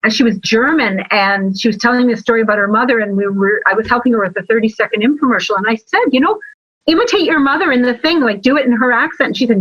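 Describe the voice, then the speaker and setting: A woman guest talking about sales and marketing in a lively interview, telling stories with emphatic, animated asides. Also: fairly high pitch, quick pace, dry recording. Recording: slightly dull, lo-fi sound.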